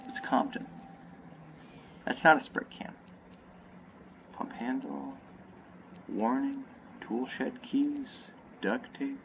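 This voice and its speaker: A young man giving rambling, joking commentary over a horror game, hedging often and wandering off topic. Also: lowish voice. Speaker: gameplay commentator. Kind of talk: rambling let's-play commentary. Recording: loud game noise behind voice.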